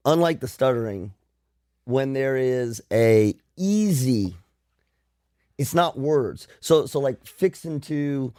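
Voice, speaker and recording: A man's voice: mid-range voice, lively intonation, slow, dark tone, no echo, studio quality. A man appearing as a guest on a radio talk show, thinking aloud playfully with frequent restarts. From not from the South. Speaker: guest psychologist.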